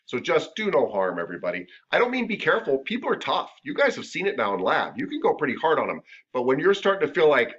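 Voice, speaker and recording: A middle-aged man teaching a massage therapy class in a chatty, joking way with animated asides. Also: a little high, quick pace, hardly any pauses, breathy edge, lo-fi sound. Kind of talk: classroom lecture.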